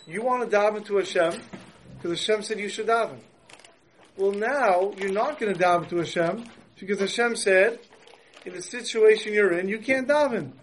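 A man voicing a calm, wise brother who patiently reasons with his sibling in a retold story. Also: high voice, normal speed, a little hiss or hum, natural voice. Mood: reasoning.

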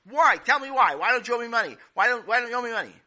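Upset adult man demanding his money, high and pushy, put on by a male storyteller. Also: expressive, fast talker, heavily acted. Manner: high, loud and insistent.

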